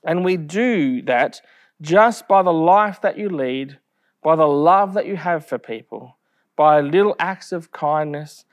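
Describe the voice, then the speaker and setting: Guy preaching, kinda high voice, tells stories and acts out the quotes. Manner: storytelling with lively quoted asides. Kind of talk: sermon.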